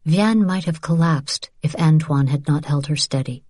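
A woman reads a novel aloud in a calm, even narration, her voice low and mellow. The recording is dry and close, with no room sound at all. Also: normal speed, few pauses, dry recording. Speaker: audiobook narrator. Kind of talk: scripted audiobook narration.

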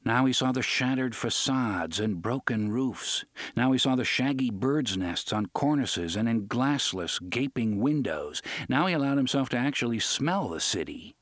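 This is scripted audiobook narration from a man with a mid-range voice, delivered expressively and at a measured storytelling pace. The sound is clean, dry, and studio-quality.

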